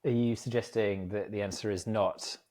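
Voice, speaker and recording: A man hosts a relaxed podcast chat. His voice sits fairly low, and he rambles through asides with easy laughter. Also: moderate pace. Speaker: podcast host, agency co-founder.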